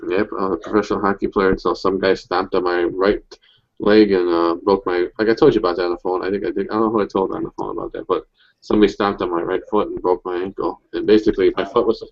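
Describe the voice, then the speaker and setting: A young man rambles through stories in a casual group chat, swearing a lot and restarting often. His voice is low and creaky with little pitch movement and a quick pace, and the audio has its highs cut off.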